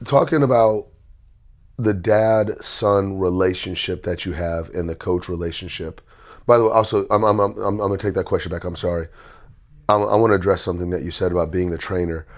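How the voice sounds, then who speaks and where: A middle-aged man with a very deep voice speaks calmly and evenly. He leads a relaxed interview about coaching and sounds measured. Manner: calm, measured, even-tempered. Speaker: host and basketball trainer. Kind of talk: casual interview chat.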